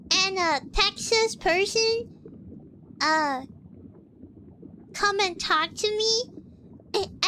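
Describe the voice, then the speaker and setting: A woman streamer chatting casually with her viewers while gaming, giggly and halting, often repeating words, playfully cutesy and petulant. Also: very high-pitched, sharp tone, a little hiss or hum.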